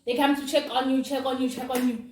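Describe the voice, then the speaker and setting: A young woman tells a story on her vlog with animated, dramatic energy. Her voice sits high and lifts easily. The room sounds echoey, with a faint hiss underneath. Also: fast talker. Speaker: vlogger. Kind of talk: casual storytime. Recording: roomy with faint noise.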